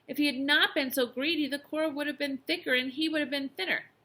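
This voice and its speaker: A woman teacher reading a children's novel aloud, with expressive storytelling and lively emphasis. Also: high voice, fairly quick.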